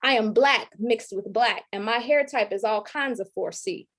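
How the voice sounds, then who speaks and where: A woman's voice: a little high, moderate pace, fairly bright tone. A woman in her thirties, an educator giving an online training talk and reciting a spoken-word poem in an earnest, rhythmic way. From Detroit, raised in Georgia. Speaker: presenter, educator. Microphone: video call.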